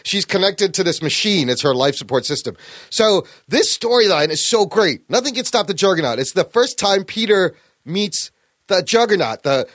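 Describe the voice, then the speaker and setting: A man hosting a podcast, recapping a story in casual chat, animated and swearing freely. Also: high voice, moderate pace, dry recording, studio quality. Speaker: podcast host.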